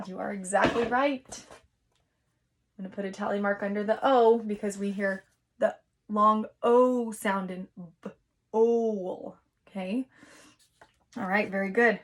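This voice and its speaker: A woman teacher giving a recorded lesson to young children, patient and encouraging, sounding out words slowly. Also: mid-range voice, fairly even intonation.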